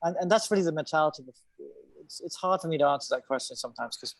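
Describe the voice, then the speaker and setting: Former racer chatting, dry close sound. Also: male voice, fairly high pitch, rapid-fire, no echo, poor audio. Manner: relaxed, rambling with many fillers and restarts. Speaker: F1 presenter and former racing driver. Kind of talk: casual panel chat over video call.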